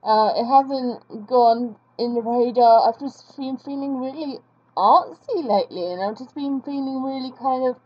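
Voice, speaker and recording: A woman's voice: sits high, unhurried, husky. A woman chatting casually as she draws on screen, self-deprecating and humming along while she works. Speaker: vlogger drawing on screen. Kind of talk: casual commentary while drawing. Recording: dull lo-fi recording.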